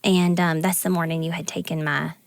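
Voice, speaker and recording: A woman's voice: on the low side, level tone, fairly quick, vocal fry, no echo. A woman co-hosting a podcast, telling personal stories in a casual, chatty way with many fillers. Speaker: podcast co-host. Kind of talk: casual conversation.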